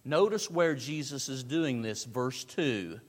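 Male preacher, deliberate and emphatic, big swings in volume, church hall reverb. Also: mid-range voice, animated. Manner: emphatic, rhetorical questions, swings between loud and quiet. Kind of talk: expository sermon. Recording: long reverb of a large hall.

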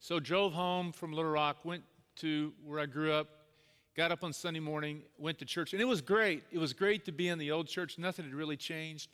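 A man's voice: fairly high pitch, steady tone, normal speed, a bit bright, smooth. Earnest storytelling male pastor, echoey hall. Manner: storytelling, earnest, acts out quoted voices. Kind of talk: sermon. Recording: long hall reverb.

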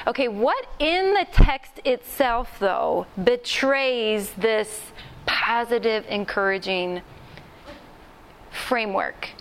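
Woman workshop trainer, slightly high voice, casual teaching tone, plays out quotes for her group. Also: smooth. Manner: conversational, acts out quoted lines. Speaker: Bible study trainer. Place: meeting room with a group.

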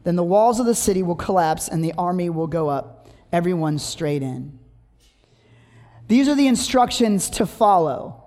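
A preacher delivers a sermon in a voice of middling pitch, moving between reading scripture and telling playful stories. The sound rings with the long reverb of a large hall. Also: expressive, normal speed, a little mellow. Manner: humorous, anecdotal, reads scripture aloud.

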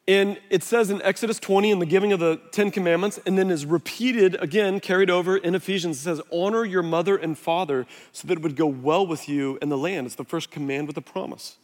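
A middle-aged man, a pastor on a body mic, preaching a sermon in a relaxed, conversational way and telling stories against himself. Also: high-pitched. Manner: conversational, self-deprecating storytelling. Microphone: wireless body mic. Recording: long hall reverb.

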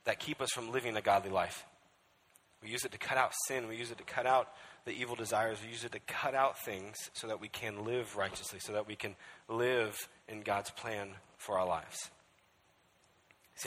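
A man's voice: on the low side, bright, forceful tone, slight background noise. A male pastor preaching a sermon with emphasis, often checking in with the crowd by asking "right?". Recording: echoey hall.

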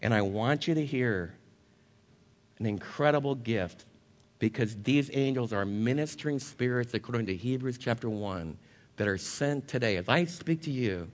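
A man's voice: mid-range voice, moderate pace, long reverb tail. A male pastor preaching a sermon, earnest, reading scripture aloud to his congregation. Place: church sanctuary.

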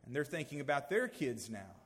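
A man giving a sermon, swinging from loud emphasis to hushed, near-whispered lines. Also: medium pitch, big pitch swings, a little fast, slightly rough, in a large hall. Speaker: lay preacher.

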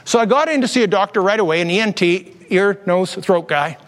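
A pastor in his fifties with a high voice preaches a sermon in a church, briskly telling personal stories with animated energy. He puts on voices whenever he quotes people, and a long hall reverb trails his words.

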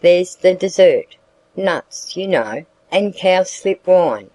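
A reader voicing a young boy who teases his sister, then coaxes her gently, at a slow pace. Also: medium pitch, animated, no room sound, poor audio. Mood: coaxing. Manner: teasing, coaxing. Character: offhand young boy, teasing but kindly.

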